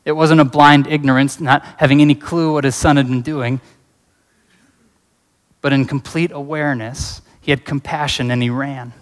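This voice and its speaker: A man delivers a sermon in a church sanctuary, earnest and conversational as he weaves in personal stories. His voice sits in a middle pitch. A long reverb from the hall trails his words. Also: steady tone, moderate pace. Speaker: pastor.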